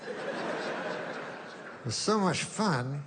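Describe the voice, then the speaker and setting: A man doing stand-up comedy, with a deadpan, rambling delivery. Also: fairly high pitch, very slow, a crowd in the background. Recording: reverberant club hall, faint noise.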